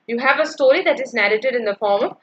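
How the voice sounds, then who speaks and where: A woman's voice: on the high side, fast, highs cut off. A woman teacher explaining poetic meter in an exam-prep lecture, checking in with "yeah" and counting out the feet aloud. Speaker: English literature teacher.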